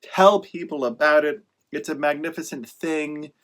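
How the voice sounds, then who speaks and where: A man's voice: a little high, unhurried, a bit bright. Rambling, emphatic man with a raised voice. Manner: rambling, self-correcting and emphatic; encouraging with sarcastic asides. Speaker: author giving writing advice. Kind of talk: casual motivational monologue.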